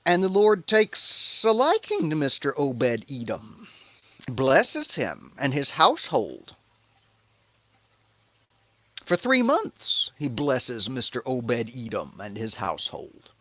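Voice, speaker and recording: A sardonic, profane man hosting a casual livestream. He speaks slowly and unhurriedly, and his pitch rises and falls widely as he mocks. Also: sing-song, pushed and bright, no echo. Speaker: host.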